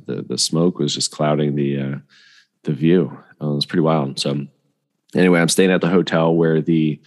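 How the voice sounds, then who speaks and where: A man's voice: rumbling low, a little mellow, big-room sound. A man casually telling a long, rambling travel story as a podcast host, full of fillers and asides.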